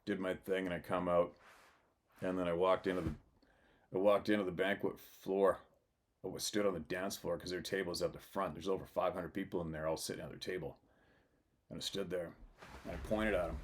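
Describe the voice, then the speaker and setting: A man's voice: deep voice, flat delivery, a little fast, pauses often. A man hosting his channel, telling a rambling personal story in a blunt, profane way. He laughs often and keeps restarting his sentences. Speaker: channel host. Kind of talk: casual storytelling monologue.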